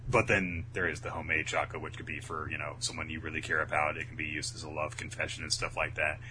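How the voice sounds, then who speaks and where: A man co-hosting a casual podcast, recapping a manga in a laid-back way and slipping in quick voiced asides for the characters. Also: rumbling low, little pitch movement, background noise. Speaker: podcast co-host.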